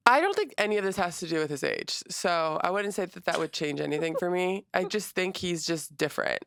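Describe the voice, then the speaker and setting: A young adult woman co-hosting a casual podcast, retelling stories quickly with lots of quoted reactions. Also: on the low side, expressive, creaky, fairly bright tone, a little hiss or hum. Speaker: podcast co-host. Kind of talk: casual chat.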